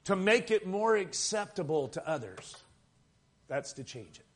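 Man, preacher, sermon, high-pitched voice, emphatic rise-and-fall cadence. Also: big pitch swings, measured pace.

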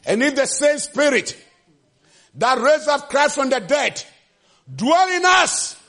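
A man preaching a sermon with passion, shouting refrains and acting out the scripture quotes. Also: expressive, unhurried. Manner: acts out quotes with sudden pitch jumps.

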